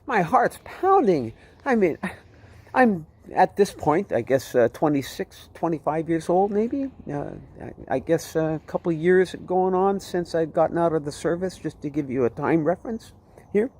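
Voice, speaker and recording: Man, fairly high voice, lively storytelling testimony. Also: normal speed. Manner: vivid, animated, repeats himself. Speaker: testimony speaker.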